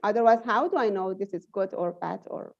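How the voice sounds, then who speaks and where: A woman's voice: mid-range voice, a little fast, creaky, highs cut off. A woman in an English conversation class, reflecting aloud and searching for her words. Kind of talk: classroom discussion.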